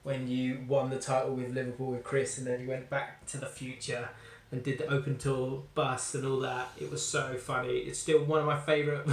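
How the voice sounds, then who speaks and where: A man's voice: mid-range voice, reverberant, recorded from a distance, slight background noise. A man asking a question with enthusiasm, chuckling as he recalls favourite bits.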